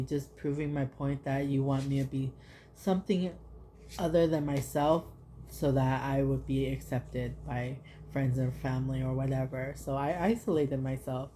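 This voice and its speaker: Woman in her 30s doing a card reading, low mellow voice, rambly and heartfelt. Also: fairly even intonation, moderate pace, a little hiss or hum. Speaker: tarot and oracle card reader. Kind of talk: casual spoken card reading.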